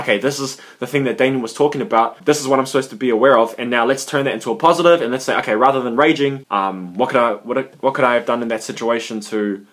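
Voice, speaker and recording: A young man giving casual advice in a vlog, animated and cursing freely, acting out his own reactions as he tells a story. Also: mid-range voice. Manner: animated, swearing, acts out quoted reactions. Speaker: gaming coach and video creator.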